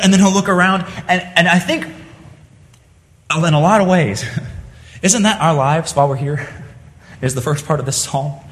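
A man's voice: sits high, a bit bright, big-room sound. A man preaching a sermon, earnest in tone, rising to impassioned cries when he voices the psalmist's pleas. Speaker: pastor.

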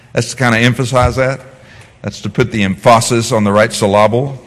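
A man teaching a Bible class, animated, asking the class questions and answering them himself. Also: mid-range voice, normal speed. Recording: long hall reverb.

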